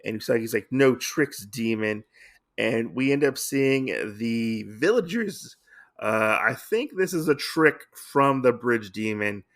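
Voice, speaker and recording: A man's voice: medium pitch, animated, unhurried, fairly bright tone. A man hosting a podcast, casually recapping a comic book story with many fillers and restarts. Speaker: podcast host.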